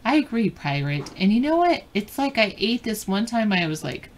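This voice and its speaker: A woman's voice: medium pitch, big pitch swings, normal speed, a little hiss or hum. A woman co-hosting a live stream in casual chat, answering viewers and reading trivia questions aloud. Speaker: co-host and trivia reader.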